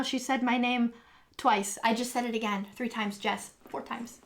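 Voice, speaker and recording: A woman's voice: on the high side, flat delivery, slow, pushed and bright. A woman hosting a casual live stream, chatty and rambling with lots of ums and restarts, gushing when she greets viewers, talking from home. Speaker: live stream host and acrylic pour artist. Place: home, indoors.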